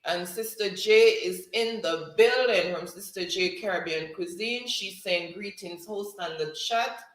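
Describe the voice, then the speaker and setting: A woman hosts a livestream, reading out viewers' chat messages and calling spelling words slowly, word by word. Her delivery is unhurried and steady. The sound is roomy, with a noticeable echo around her voice. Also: lowish voice. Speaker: livestream host. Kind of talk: reading live chat and hosting a spelling game.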